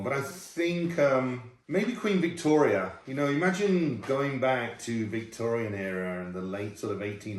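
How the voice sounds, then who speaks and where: Middle-aged male host, easygoing and self-deprecating, mic set back in a roomy space. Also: medium pitch. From United Kingdom. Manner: chatty, laughing, self-deprecating. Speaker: host, former royal chef. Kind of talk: casual Q&A chat. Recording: roomy sound from a distant mic.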